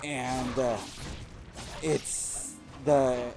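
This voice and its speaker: A man in a let's play, chatting casually over his gameplay at an unhurried pace. He rambles and corrects himself mid-sentence, with game music playing clearly behind him. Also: medium pitch, level tone. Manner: rambling, self-correcting storyteller.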